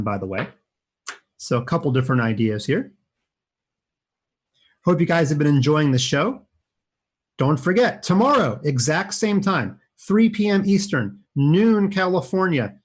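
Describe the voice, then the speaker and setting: A man commentating his own chess games live for kids, chatty and upbeat, thinking aloud as he plays. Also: on the high side. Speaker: chess coach and streamer.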